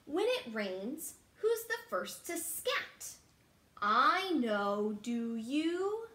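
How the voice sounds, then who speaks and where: Woman teacher for a storytime read-aloud, playful and animated, in a room with noticeable echo. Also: sits high. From Texas. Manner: playful and animated, pauses for kids to guess, hushed asides. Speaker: teacher reading to children. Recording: roomy echo.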